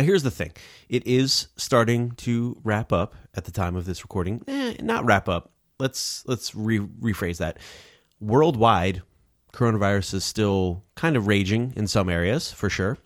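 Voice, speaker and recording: Nasal-sounding male podcast host, dry and low. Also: animated, measured pace, no echo. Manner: chatty, self-deprecating, rambling asides. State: nasal from a stuffy nose. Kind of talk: casual solo podcast talk. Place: home recording setup in New Jersey.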